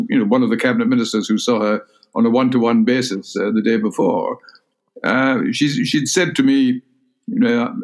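An older man with a Scottish accent recalls events in a sit-down interview, speaking in a measured, halting way with many fillers and restarts. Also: medium pitch. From Scotland. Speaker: interviewee, former cabinet minister. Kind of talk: reflective recollection in a sit-down interview.

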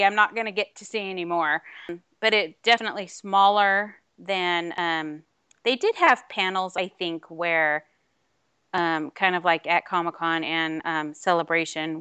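A woman's voice: fairly low pitch, bright, forceful tone, clean tone, no echo. A woman co-hosting a podcast, telling a rambling, chatty story with lots of fillers in casual chat. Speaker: podcast co-host.

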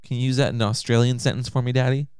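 A man's voice: mid-range voice, fairly even intonation, very fast, a little mellow, clean tone, no echo, studio quality. A man co-hosting a podcast in casual chat, playful and teasing. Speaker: podcast co-host.

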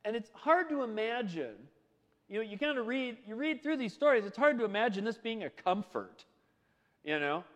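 A man's voice: sits high, sing-song, moderate pace, a bit bright, big-room sound. A man preaching a sermon in a conversational way, full of rhetorical questions. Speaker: pastor.

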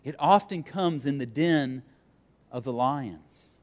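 A man preaching a sermon and reading scripture aloud, pausing for emphasis and letting his voice dip and swell. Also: mid-range voice, a little mellow, in a large hall. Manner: reads scripture aloud, pauses for emphasis, dramatic dips and swells. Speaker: pastor.

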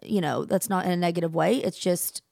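A woman in her forties co-hosting a podcast, telling stories in an emphatic, animated way. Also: fairly low pitch, a little fast, gravelly, no echo, clean studio sound. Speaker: podcast co-host. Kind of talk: casual chat.

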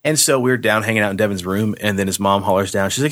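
Animated man telling a ghost story, dry sound. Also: on the low side, fast talker, no echo. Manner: animated, swears freely, acts out voices. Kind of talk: casual storytelling.

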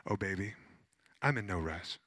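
Man putting on a calm, unhurried woman. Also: lowish voice, noisy background, close to an everyday voice. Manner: slow, soothing, affectionate.

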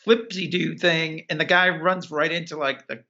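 Casual male podcaster, raspy edge and sharp bright tone, loose rambling delivery. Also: on the high side, fairly even intonation, normal speed, dull audio. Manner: rambling, many "like"s, acts out characters. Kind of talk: casual podcast recap chat.

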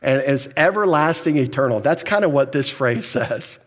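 A male pastor in the middle of a sermon, his voice sitting at an ordinary middle pitch. He keeps throwing questions out to the congregation and answering them himself. A light chuckle comes through here and there as he preaches. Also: lively intonation, moderate pace. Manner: chuckles now and then while preaching.

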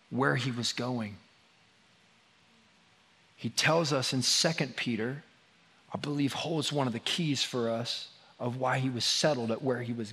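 Pastor preaching in a reverberant hall. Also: male voice, mid-range voice. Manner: conversational preaching, swings between loud and hushed. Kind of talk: sermon. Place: church hall. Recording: long church reverb.

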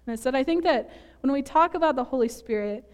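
A woman from northern Minnesota delivers a Sunday sermon to her congregation in a church. Her voice sits a little high. She talks in a chatty, self-deprecating way and laughs often at herself. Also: fast talker, clean tone. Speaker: preacher.

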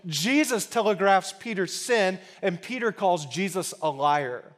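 A man's voice: sits high, expressive, moderate pace, hardly any pauses. Conversational, emphatic male preacher. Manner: conversational and emphatic with humor, shifting into quiet earnest appeals. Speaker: pastor. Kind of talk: sermon.

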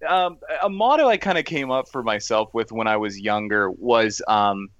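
A man's voice: fairly low pitch, lively intonation, moderate pace, a bit bright, dry recording, dull audio. A man co-hosting a podcast in casual chat, speaking in a thoughtful, reflective, easygoing way. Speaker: podcast co-host.

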